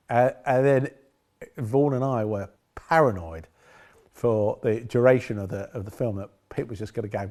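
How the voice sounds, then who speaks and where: A man's voice: lowish voice, brisk, a little mellow. A man talking about his past work as a film director in a casual interview, rambling with frequent restarts and self-corrections.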